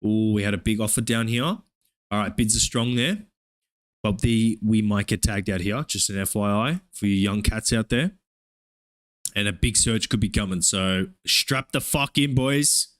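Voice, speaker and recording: A young man from Australia with an Australian accent, streaming live trading commentary in a profane, hyped play-by-play with excited oohs. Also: lowish voice, moderate pace. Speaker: live-streaming futures trader.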